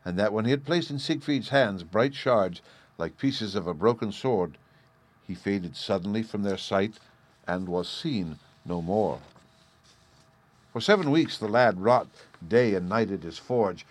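A man reading a storybook aloud as narrator, in a measured storytelling manner. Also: on the low side, expressive. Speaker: audiobook narrator. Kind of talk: scripted narration.

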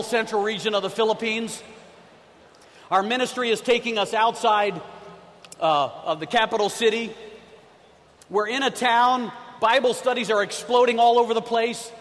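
A man's voice: high voice, a bit bright. A middle-aged man preaching a sermon as a missionary, telling stories and leading the congregation in call-and-response. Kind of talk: sermon with storytelling. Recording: long hall reverb.

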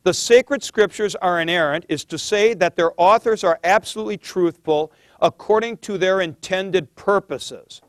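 A man's voice: sits high, moderate pace, few pauses, dry recording, studio quality. A middle-aged man teaching a theology class in a conversational lecture, thinking aloud and stressing key points.

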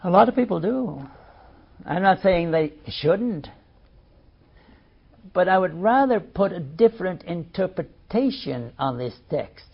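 Animated high-pitched male preacher, slow. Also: creaky, breathy edge, highs cut off. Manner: expressive preaching, swings between loud emphasis and quiet asides. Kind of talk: sermon.

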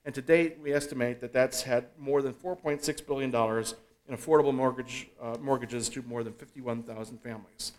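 A man's voice: mid-range voice, steady tone, a little fast. Man reading a speaker introduction. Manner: reads with hesitant fillers. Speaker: event host introducing the speaker.

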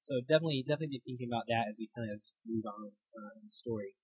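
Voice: mid-range voice, racing, breathy edge, no room sound, highs cut off. A young adult leading a casual Bible study at a retreat, talking in a chatty way with lots of fillers, acting out quotes and laughing along with the stories. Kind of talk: casual teaching talk. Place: meeting room at a retreat.

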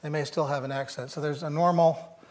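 A man's voice: a little high, steady tone, a little fast, a little mellow, slight background noise. An older man giving a university lecture, thinking aloud with fillers and restarts and slipping in dry jokes.

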